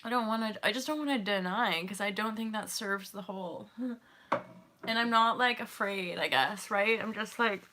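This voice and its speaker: A woman in her thirties, a yoga and meditation teacher, talking casually to her viewers in an emotional, expressive way, laughing often and swearing freely. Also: medium pitch, normal speed, background noise. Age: 30s. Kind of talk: emotional casual talk to camera.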